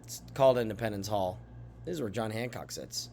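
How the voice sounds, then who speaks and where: A man's voice: mid-range voice, fairly quick, slight background noise. A male teacher talking through a classroom lesson in a chatty way, with joking asides, who says he is tired. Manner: chatty, lively, jokey asides. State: tired, yawning.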